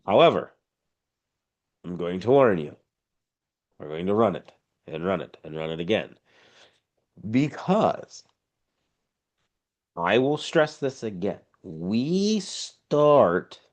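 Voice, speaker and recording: Low-voiced man, blunt no-nonsense instructor, casual and emphatic, video call. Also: darkish tone. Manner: blunt, informal, emphatic teaching. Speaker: EMS instructor. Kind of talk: casual online class lecture.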